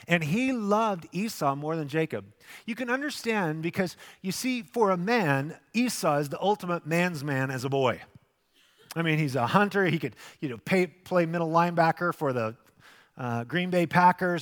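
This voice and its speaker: A man in his fifties preaching a sermon with acted asides, swinging from loud bursts to hushed, soft passages. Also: on the high side, lively intonation, normal speed. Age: 50s. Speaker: pastor. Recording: long hall reverb.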